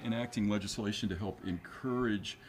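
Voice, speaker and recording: A man's voice: on the low side, brisk, a crowd in the background. A man, an attorney guest on a studio news interview, explaining at length with frequent fillers and restarts.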